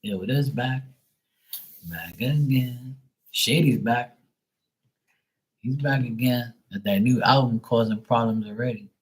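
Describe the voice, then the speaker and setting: A man chatting casually on a tarot livestream, telling stories in a profane, animated way. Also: medium pitch, unhurried, pauses often, low-quality recording. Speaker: tarot reader.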